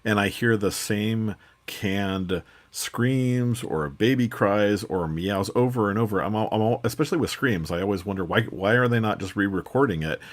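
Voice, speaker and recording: Deep-voiced male show host. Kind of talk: live interview chat.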